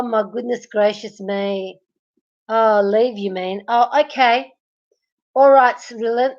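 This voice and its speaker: Brief: high-voiced woman, slow and giggly live stream host, muffled lo-fi audio. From Melbourne, Australia. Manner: giggly, teasing, talks to chatters by name. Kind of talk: casual live stream chat, reading viewer comments.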